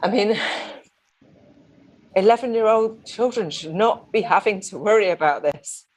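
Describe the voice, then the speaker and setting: A woman's voice: mid-range voice, a little slow, darkish tone. A woman commentating on a live stream in an earnest, casual way, repeating her points for emphasis.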